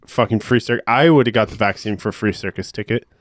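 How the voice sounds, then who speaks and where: A man's voice: fairly low pitch, a little fast, no echo, studio quality. A man co-hosting a podcast in casual chat, laid-back and crude, laughing often. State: wheezy from allergies. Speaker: podcast co-host.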